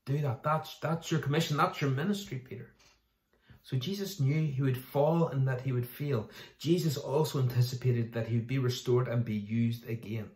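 A man's voice: medium pitch, steady tone, normal speed, darkish tone, reverberant. A man preaching a sermon in a casual, conversational way, acting out the voices of the people he quotes. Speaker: pastor.

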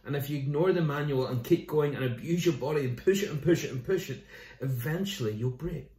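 A man's voice: fairly high pitch, a little fast, dark tone, far from the mic. A man, a pastor giving an online sermon in a conversational way, with jokes and scripture readings. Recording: roomy echo.

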